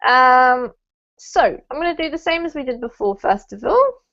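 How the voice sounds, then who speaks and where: A woman's voice: sits high, lively intonation, moderate pace. A woman teaching pronunciation to a small online group, giving encouraging feedback over a video call. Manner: encouraging, gives gentle feedback. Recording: muffled video call audio.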